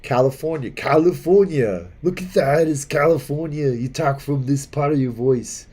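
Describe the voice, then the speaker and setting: A man doing a loud, hammy impression of a boastful muscleman action hero with a mock Austrian accent. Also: steady tone, a little slow, lightly acted. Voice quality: loud, booming put-on voice that keeps slipping. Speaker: impression of a famous action star.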